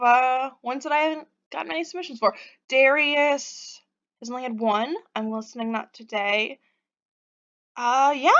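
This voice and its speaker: A woman's voice: on the high side, a bit bright, dull audio. A woman hosting a preview of her own game, chatting in a rambling, self-deprecating way and reading the narration. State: just woke up. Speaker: game developer and host.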